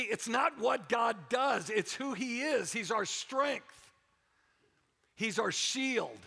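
A preacher with a high, gravelly voice delivers a sermon in a church sanctuary, energetically rallying the congregation and repeating phrases for emphasis. The recording carries the echo of the church hall.

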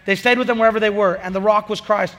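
A youth pastor man preaches with a quick, high voice, chatty and full of energy. He slips into acted snippets of conversation as he talks. His voice rings out with the long reverb of a church hall. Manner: energetic, conversational, acts out dialogue. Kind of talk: sermon.

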